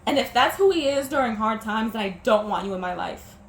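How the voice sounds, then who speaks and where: She talks briskly in an animated, fairly high voice, a young woman vlogging through the pain of a breakup. Teary and sniffling, she keeps stumbling and restarting. Faint background noise accompanies an echoey room.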